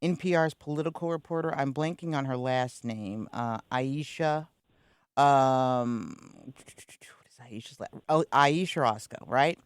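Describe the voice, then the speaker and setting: A woman from Kansas City hosting a radio interview, talking in a thoughtful, relaxed way and sometimes searching for words. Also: extremely low pitch, a little slow, clean tone, no echo, studio quality. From Kansas City, USA. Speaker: radio host.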